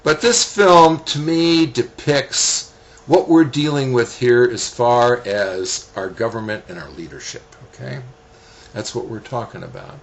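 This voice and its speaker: Lively middle-aged man telling stories. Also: fairly low pitch. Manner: folksy storyteller, chuckles at himself. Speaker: author. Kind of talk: video message to viewers.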